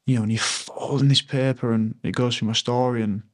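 A man in his thirties who used to play rugby speaks in a podcast interview, thoughtful and sincere, frequently pausing as he searches for words. His voice sits in the mid range with fairly level intonation.

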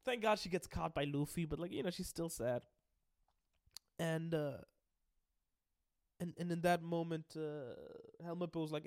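Young man, casual profane recap, rambling, fairly high voice, dry close sound. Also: unhurried, pauses often, darkish tone, no room sound. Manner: rambling, profane, laughs often. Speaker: video host.

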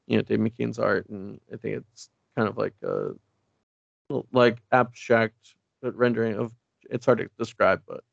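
A man's voice: lowish voice, steady tone, a little slow, vocal fry, no room sound, muffled recording. A man co-hosting a casual podcast chat, recapping a comic and reading its dialogue aloud with many fillers. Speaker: podcast co-host.

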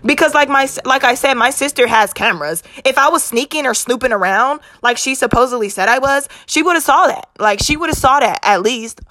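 Young woman vlogger, higher voice, exasperated storytime rant, swears a lot. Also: fairly quick, hardly any pauses. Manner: heavy cursing, animated and exasperated.

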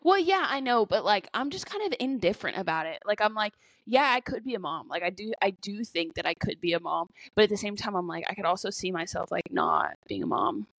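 A woman's voice: medium pitch, sing-song, fairly quick, creaky, few pauses, a bit bright, no echo. A young woman co-hosting a podcast, chatting casually, hedging a lot and swearing offhandedly. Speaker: podcast co-host. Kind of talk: casual chat.

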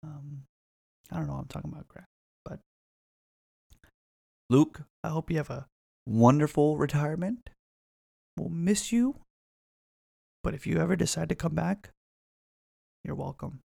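A man's voice: fairly high pitch, normal speed, gravelly, long pauses, a little mellow, dry recording, clean studio sound. A man in his twenties rambling casually and profanely on his own, with frequent restarts. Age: 20s. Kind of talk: casual solo rant.

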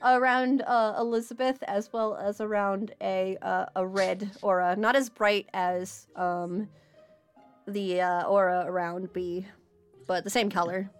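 Halting woman game master. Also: mid-range voice, fairly even intonation, smooth, soft background music. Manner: hesitant, with many fillers. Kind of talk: narrating a tabletop game.

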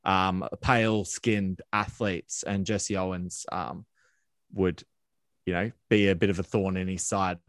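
Male podcast co-host, low pitch, dry sound, relaxed and hesitant. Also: measured pace, no echo. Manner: relaxed, hesitant, with ums and likes. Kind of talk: casual history podcast chat.

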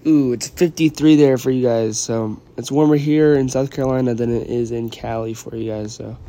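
A man's voice: medium pitch, fairly even intonation, moderate pace, warm tone. A young man chatting casually and meandering on his podcast while fighting a cold and yawning, with lots of ums and apologies. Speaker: vlogger and podcaster. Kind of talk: casual rambling chat.

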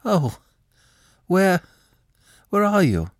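A man voicing a nervous young newlywed woman who speaks in a high, hesitant, breathless way in a read-aloud story. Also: sing-song, measured pace, no room sound, clean studio sound. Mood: flustered.

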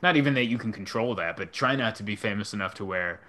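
Bright-voiced joking comedian man. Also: on the low side, fast. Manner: joking, offhand. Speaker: stand-up comedian guest. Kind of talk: casual podcast chat.

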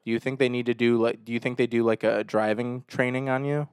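A man's voice: mid-range voice, level tone, quick pace, clear, resonant tone, no echo, studio quality. A young man co-hosting a casual podcast with friends, laughing and teasing as he talks. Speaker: podcast co-host. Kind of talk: casual chat among friends.

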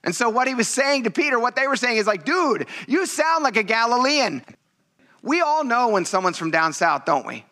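A man preaching a sermon as a pastor in a lively, conversational way, often acting out the voices of the people he quotes. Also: very high voice, quick pace, few pauses.

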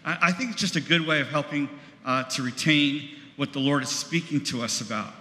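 A man's voice: on the high side, a little fast, pushed and bright. A man with an American accent preaching a sermon in a church, talking in a loose, conversational way with lots of fillers. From United States. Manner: conversational, rambling with many fillers. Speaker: pastor. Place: church sanctuary. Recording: echoey hall, long reverb.

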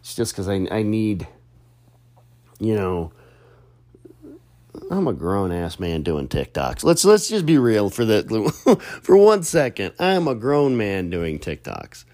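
A man's voice: lowish voice, big pitch swings, slow, long pauses, a little mellow. A young adult man and content creator, talking in a casual, chatty monologue full of restarts and fillers.

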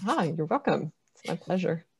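Relaxed, joking woman filmmaker. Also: on the low side, moderate pace, gravelly, slightly rough. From Canada. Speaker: horror filmmaker, guest. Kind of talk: casual interview chat. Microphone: video call.

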